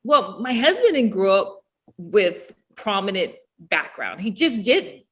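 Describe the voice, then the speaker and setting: A middle-aged woman, a podcast guest, telling stories in casual chat, animated and laughing often as she acts out what people said. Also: mid-range voice, measured pace, breathy edge.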